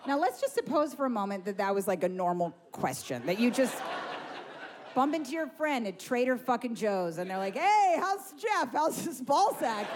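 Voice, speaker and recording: A woman doing a stand-up set, brash and profane, full of likes and you-knows. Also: medium pitch. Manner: brash, profane, filler-heavy. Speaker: stand-up comedian.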